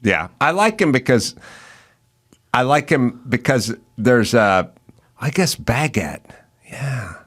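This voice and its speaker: A man's voice: mid-range voice, sing-song, a bit bright. A man on a podcast chiming in with short joking remarks while a guest tells a story. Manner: quick joking interjections.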